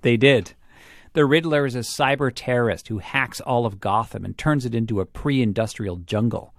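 A male interviewer who narrates in a measured way and asks questions. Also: medium pitch, dry recording, clean studio sound. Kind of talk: radio-style narration and interview.

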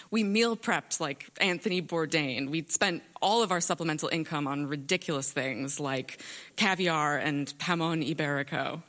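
A young woman telling a wry, lively personal story on stage. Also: low voice.

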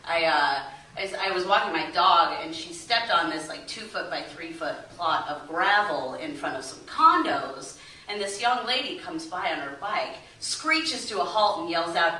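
A woman performing a stand-up comedy set, delivering deadpan punchlines and slipping into mock-regal voices. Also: lowish voice, normal speed, recorded from a distance. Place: comedy club stage with audience. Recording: echoey club heard from afar with crowd noise.

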